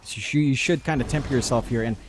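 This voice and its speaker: A man's voice: medium pitch, fast, a little hiss or hum. A man commentating a live esports match, breaking down the game analytically and joking with his co-caster.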